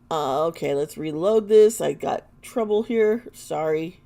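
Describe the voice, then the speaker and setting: A woman's voice: low-pitched, lively intonation, measured pace, creaky, few pauses, mellow. A woman giving live tarot readings to viewers, chatty and blunt, often laughing as she talks. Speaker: tarot reader.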